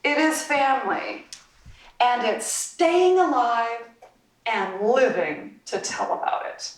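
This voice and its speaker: A woman giving a personal storytelling speech at a club meeting, with dramatic pauses and laughing through the telling. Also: a little high, expressive. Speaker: club speaker. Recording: roomy, distant mic, faint noise.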